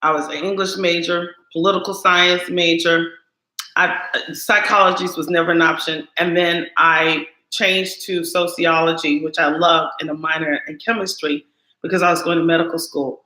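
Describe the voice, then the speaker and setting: A woman co-hosting a casual chat, telling a story with animated acted-out quotes. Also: lowish voice, normal speed. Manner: animated, acts out quoted lines. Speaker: co-host. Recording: roomy echo.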